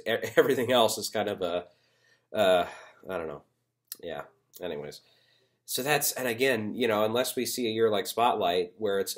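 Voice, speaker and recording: Rambling man musing on awards picks. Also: lowish voice. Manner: rambling, hesitant, many fillers and restarts. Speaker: awards-season commentator. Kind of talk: unscripted solo commentary.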